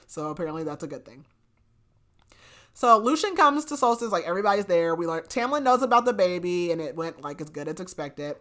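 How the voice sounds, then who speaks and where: A woman's voice: medium pitch, sing-song, moderate pace, a bit bright. A young woman co-hosting a podcast, recapping a fantasy novel in casual chat, full of "like" fillers and laughter. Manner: chatty, filler-heavy with frequent "like", laughs often. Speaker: podcast co-host.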